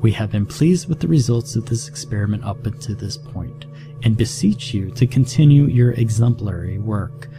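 A man's voice: mid-range voice, normal speed, over music, lightly acted. A man doing a cold, formal scientist. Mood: detached. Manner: calm, unemotional, formal. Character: cold, calm male scientist over a speaker.

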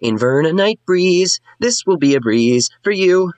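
Casting: bubbly stammering young bard woman, high and eager, put on by a man, dry close sound. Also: expressive, unhurried, darkish tone, no echo. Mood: gushing.

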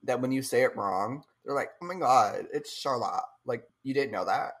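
A woman's voice: rumbling low, moderate pace. A woman co-hosting a podcast in casual chat, chatty, laughing often and swearing when she rants. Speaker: podcast co-host. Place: lives in Massachusetts.

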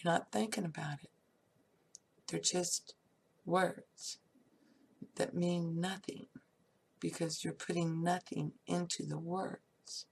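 Husky woman giving a spiritual pep talk. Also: fairly low pitch. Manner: animated, laughs often, slips into whispers. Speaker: spiritual speaker. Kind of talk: casual motivational talk on prayer.

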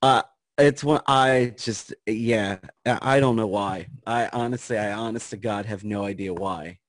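A man's voice: lowish voice, a little slow, dry recording, clean studio sound. A man co-hosting a podcast in casual chat, teasing the others and laughing often. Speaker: podcast co-host.

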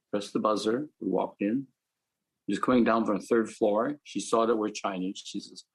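An older man from the Philippines, calmly telling his life story as a panel speaker. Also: on the low side, normal speed, husky, rough recording. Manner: reflective, matter-of-fact storytelling. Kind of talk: personal storytelling.

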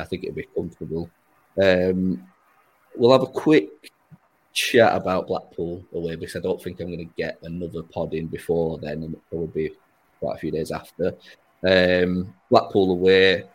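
A man's voice: sits low, steady tone, normal speed, breathy edge, poor audio. A man hosting a podcast, chatting casually about football with a rambling, easygoing manner and frequent laughs. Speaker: podcast host.

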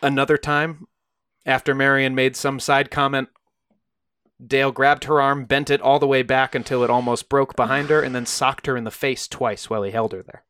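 A man's voice: medium pitch, little pitch movement, normal speed, a bit bright, clean tone, dry recording. A man co-hosting a podcast, telling a true crime story in a casual, conversational way and briefly acting out the quoted voices.

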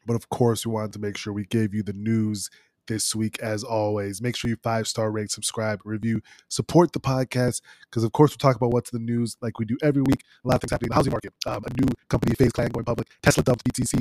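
A man's voice: medium pitch, little pitch movement, quick pace, darkish tone, dry recording. A man hosting a solo finance news podcast, talking casually with frequent ums and restarts while sick with sniffles. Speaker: podcast host.

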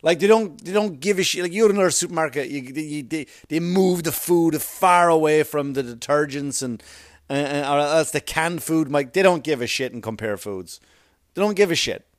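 A man's voice: a little high, normal speed, dry recording, studio quality. A man doing a rambling, profane stand-up comedy routine full of conversational asides.

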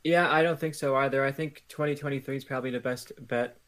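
Flat-toned man in casual chat. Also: mid-range voice, quick pace. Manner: even, thoughtful, with hesitant restarts. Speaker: podcast co-host.

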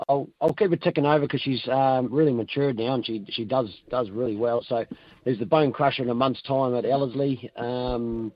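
A hoarse racehorse trainer, chatting casually on the phone with radio hosts, rambling along with plenty of fillers. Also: male voice, medium pitch, dry recording. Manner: rambling, relaxed, halting with fillers. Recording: dull phone line.

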